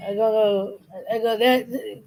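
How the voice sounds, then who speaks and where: A woman with a Boston accent in casual chat, rambling and animated as she imitates accents. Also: on the high side, takes it slowly, vocal fry, low-quality recording. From Boston area, Massachusetts. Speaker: streamer, co-host.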